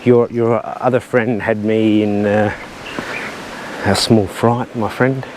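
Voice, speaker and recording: A man's voice: lowish voice, flat delivery, slow. A man narrating a casual walking vlog on coastal trails, chatty and rambling with a light joking tone. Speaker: vlogger. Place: outdoors on coastal cliff trails and caves. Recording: outdoor recording with clear ambient noise.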